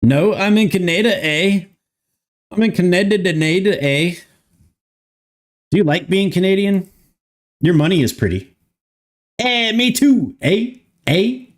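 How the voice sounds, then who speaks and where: A man putting on a goofy high Canadian caricature. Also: very animated, brisk, long pauses, darkish tone. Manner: playful, mock-exaggerated. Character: jokey exaggerated Canadian man saying eh.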